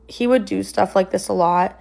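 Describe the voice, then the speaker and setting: Young woman, casual storytime, lots of fillers, rough creaky voice. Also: mid-range voice, normal speed, darkish tone. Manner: rambling, filler-heavy retelling with many "like" and "um".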